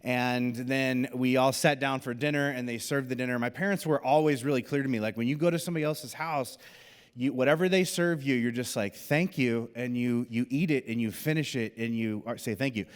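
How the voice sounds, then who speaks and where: Man, pastor, sermon storytelling, animated, quoted voices, big reverberant hall. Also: medium pitch, fairly quick, smooth. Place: church auditorium.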